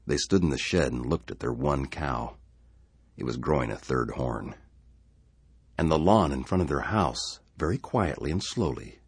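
A man reading a story aloud in a dramatic, expressive way. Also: a bass voice, breathy edge, dry recording, clean studio sound. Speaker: narrator.

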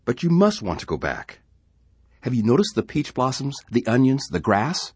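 A man's voice: medium pitch, big pitch swings, normal speed, husky, dry recording, voice pushed up. Man playing a frightened, frantic settler. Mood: alarmed. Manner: urgent, pleading. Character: anxious male settler, frantic and fearful.

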